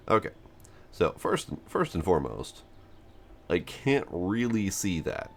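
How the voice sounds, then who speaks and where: A man's voice: sits low, sing-song, slow, slight background noise. A man casually commenting on a game he is playing, chatty and self-mocking, reading its text aloud. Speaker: gameplay streamer. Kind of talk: casual let's-play commentary.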